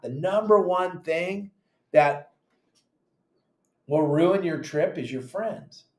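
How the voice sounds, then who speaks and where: A man hosting a fishing podcast as a captain, giving casual, animated advice and acting out his friends' lines. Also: on the high side, echoey room. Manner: animated, acts out friends' voices in quotes.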